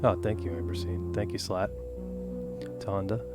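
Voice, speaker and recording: A man's voice: lowish voice, little pitch movement, normal speed, loud music behind the voice. A man, a game composer, chatting casually on a live stream in an easygoing, joking way, thinking aloud.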